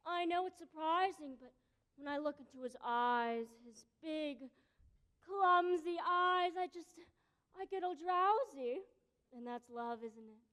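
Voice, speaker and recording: A woman's voice: high-pitched, expressive, a little slow, fairly bright tone. A woman playing a worldly, drowsy chaperone who speaks in a languid, grand manner in a stage musical. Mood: dreamy.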